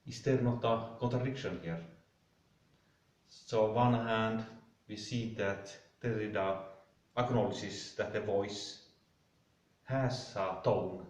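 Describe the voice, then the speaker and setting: Man leading a slow close reading. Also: on the low side, fairly even intonation, darkish tone. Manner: careful, halting, rereads passages aloud. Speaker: reading group leader. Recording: roomy, distant mic.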